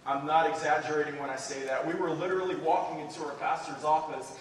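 Guy preaching in a church, earnest and worked up, slightly high voice, far from the mic with a big echo. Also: fast. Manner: earnest, builds to excited emphasis, addresses "church". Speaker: preacher sharing a mission report. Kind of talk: sermon with personal story. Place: church sanctuary. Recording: echoey hall, distant mic.

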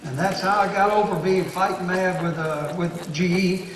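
A man's voice: sits high, steady tone, normal speed, noisy background. A man preaching a sermon in an emphatic, folksy way with homespun humor. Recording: echoey room from far off.

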